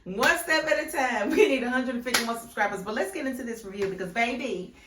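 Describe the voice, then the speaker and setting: Chatty animated woman recapping a TV show. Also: fairly high pitch, fast, far from the mic, noisy background. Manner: animated, laughs often and acts out scenes in voices. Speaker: YouTube TV reviewer. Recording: echoey room, a bit off-mic.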